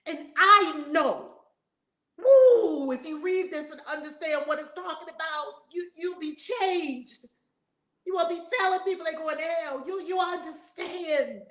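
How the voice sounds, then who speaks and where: A woman's voice: very high voice, measured pace, a bit bright, reverberant. A woman teaching as a spiritual reverend in a fiery, preaching manner, blunt and emphatic, swearing and repeating lines for effect.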